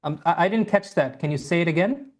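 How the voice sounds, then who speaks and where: A man's voice: a little high, brisk. A young Bengali-speaking man with a mostly American accent and traces of Bengali, teaching a live online English class into a laptop mic, friendly and full of fillers. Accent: mostly American with some Bengali sounds. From Bangladesh. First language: Bangla. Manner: friendly, hesitant with many fillers.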